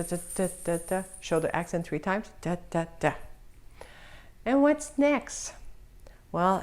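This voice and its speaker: Slow, low-voiced belly dance teacher, a woman. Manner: cheerful, laughs often, hums the music as "da da da". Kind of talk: online dance lesson with counting.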